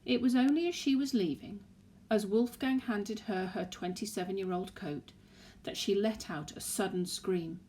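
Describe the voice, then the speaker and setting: A woman narrating a children's novel aloud in an expressive storytelling way. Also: mid-range voice, normal speed.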